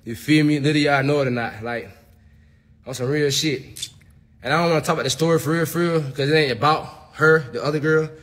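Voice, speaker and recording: A man's voice: a little high, steady tone, fast, fairly bright tone. A man ranting on a casual livestream, profane and emphatic, tacking "bro" onto nearly every sentence.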